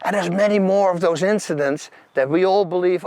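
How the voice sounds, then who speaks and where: Animated Dutch man telling stories. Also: high-pitched, brisk, dry recording. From Netherlands. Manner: animated, vivid, acts out scenes and quotes; loose, non-native grammar. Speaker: channel host. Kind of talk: personal storytelling monologue.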